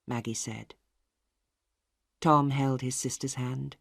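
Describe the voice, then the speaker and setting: A woman narrating a story in a slow, clearly spoken reading for English learners. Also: very deep voice, expressive, no room sound, clean studio sound.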